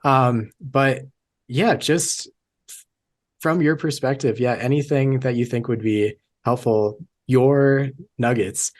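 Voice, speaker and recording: Man hosting, gentle and halting. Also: medium pitch. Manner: warm, halting, many fillers. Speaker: podcast host. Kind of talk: casual interview.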